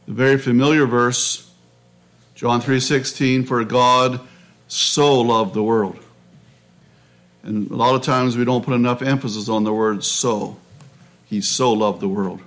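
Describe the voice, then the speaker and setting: A man preaching a sermon in a measured, reflective way, often restarting his phrases. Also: mid-range voice. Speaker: pastor.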